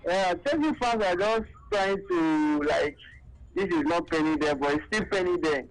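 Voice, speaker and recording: A man's voice: on the high side, animated, moderate pace, low-quality recording. A man calling in to a radio show, arguing his point and mixing English with Pidgin. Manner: argumentative, mixes English with Pidgin. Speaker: caller. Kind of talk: phone-in banter.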